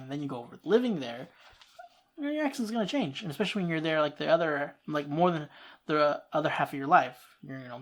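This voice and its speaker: A reaction-video host chatting loosely about a TV episode. The talk wanders and restarts itself, broken up by short laughs, in a middling voice that is neither high nor low. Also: a bit bright. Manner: rambling, restarts thoughts, laughs often. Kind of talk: casual reaction commentary.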